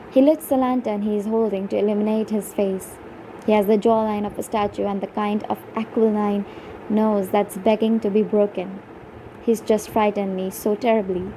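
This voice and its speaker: A woman reading a first-person audiobook in a hushed, suspenseful storytelling manner. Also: mid-range voice, fairly even intonation, moderate pace, a little hiss or hum, rough recording. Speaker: audiobook narrator.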